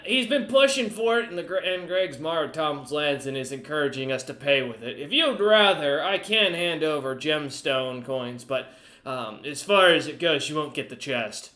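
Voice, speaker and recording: A man voicing a cocky, grizzled pirate merchant captain who talks loud and taunting. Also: a little high, moderate pace. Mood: boastful.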